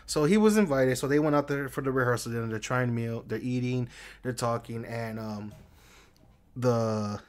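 A man co-hosting a podcast, telling stories and dad jokes in a casual, animated way, laughing often and swearing freely. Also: mid-range voice, moderate pace. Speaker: podcast co-host.

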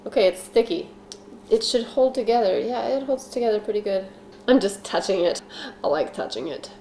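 A woman's voice: mid-range voice, expressive, moderate pace, mellow, roomy sound, slight background noise. Chatty woman rambling through a silly baking vlog. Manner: silly, rambling, jokey asides. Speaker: host of a home baking show. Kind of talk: joking kitchen vlog. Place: home kitchen.

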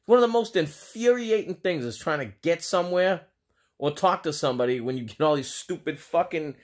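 Man, Boston accent, fairly high-pitched, exasperated, sarcastic, cursing storytime rant. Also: expressive, brisk. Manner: exasperated, heavily profane, sarcastic. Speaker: vlogger. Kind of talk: ranting storytime monologue.

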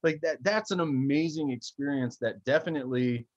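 A man's voice: on the high side, normal speed, lo-fi sound. A man hosting a casual podcast chat, thoughtful and searching for the right words.

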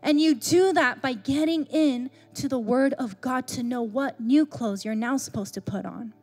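Young lady pastor, high voice, chatty animated preaching, soft music under it. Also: normal speed. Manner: chatty, animated storytelling with many fillers. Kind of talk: sermon.

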